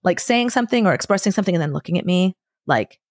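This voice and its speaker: A woman in her forties talking as a podcast guest, telling candid stories with lively acted-out quotes and casual swearing. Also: lowish voice, fast talker, dry recording, clean studio sound. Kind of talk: candid conversational storytelling.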